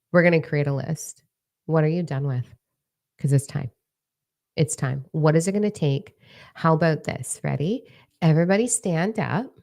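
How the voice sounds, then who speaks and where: Excitable, foul-mouthed woman in her forties. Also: sits low, gravelly. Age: 40s. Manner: excitable, blunt and profane. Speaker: life coach. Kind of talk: casual motivational talk to camera. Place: home.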